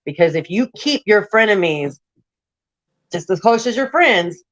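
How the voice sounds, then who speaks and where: A woman's voice: medium pitch, animated, unhurried, a bit bright, muffled recording. A woman telling her life story in a casual interview, blunt and raw, rambling with restarts.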